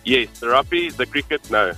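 A man's voice: mid-range voice, expressive, moderate pace, sharp tone, faint music behind. A man with a South African accent on a radio quiz, answering politely and hesitantly. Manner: polite and hesitant, with many ums. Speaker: quiz contestant and caller.

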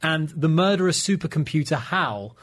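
A man's voice: a little high, lively intonation, moderate pace, a bit bright. Chatty man sharing film trivia. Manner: chatty, trivia-telling, laughs often. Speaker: podcast host. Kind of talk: casual film chat.

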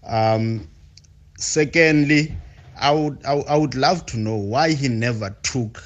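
A South African man from Port Elizabeth leaving a voice note for a radio show, speaking in a hesitant, halting way. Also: mid-range voice, dull audio. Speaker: caller sending a voice note.

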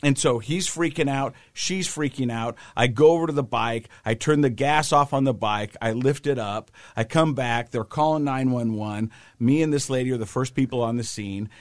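A man in his thirties co-hosting a casual chat show, telling a story with lively acted-out quotes. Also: mid-range voice, moderate pace, hardly any pauses, dry recording, clean studio sound. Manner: animated storyteller who acts out quotes. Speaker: podcast co-host.

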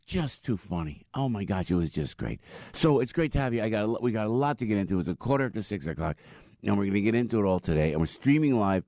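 Middle-aged male talk radio host, casual and rambling, lively swooping pitch, dry close studio mic. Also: quick pace, dry recording. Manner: animated, rambling storyteller. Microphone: studio microphone.

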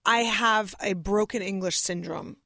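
A woman's voice: medium pitch, measured pace, creaky, no echo, studio quality. A Russian-born woman, a guest comedian whose first language is Russian, telling stories in casual chat and acting out quotes. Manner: animated storytelling, acting out quotes.

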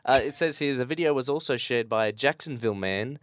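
Male co-host, mid pitch, relaxed news reading, dry close mic. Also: a little fast, no room sound. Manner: good-humoured, laughs along, reads stories aloud. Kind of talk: casual chat, reading news stories.

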